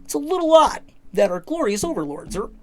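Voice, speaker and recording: A man's voice: very high voice, big pitch swings, fairly quick, fairly bright tone. Rambling, swearing Wisconsin guy. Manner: swears constantly, rambling and joking. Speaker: podcast co-host. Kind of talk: casual profane banter.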